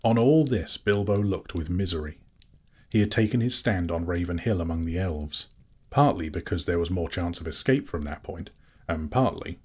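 Deep, husky male storyteller. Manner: measured, steady storytelling. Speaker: audiobook narrator. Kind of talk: scripted narration.

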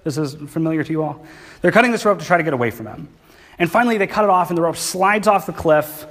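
A man preaches to a church congregation. His voice sits a little high, and his delivery is relaxed and conversational. He often stops to put questions to the people in the room. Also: fast. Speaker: pastor. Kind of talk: sermon. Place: church hall.

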